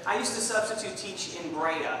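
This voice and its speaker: A young guest preacher from Southern California delivers a sermon in a church sanctuary, telling animated stories and acting out the voices in them. He speaks at normal speed in a high-pitched voice, captured in a distant, echoey hall recording with faint noise.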